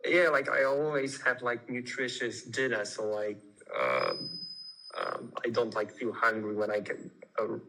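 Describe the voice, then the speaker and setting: Hesitant man from Poland, bright voice. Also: medium pitch, measured pace, slight background noise, rough recording. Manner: hesitant, many fillers, searches for words. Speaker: caller practising speaking. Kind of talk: casual chat on a video call. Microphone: video call.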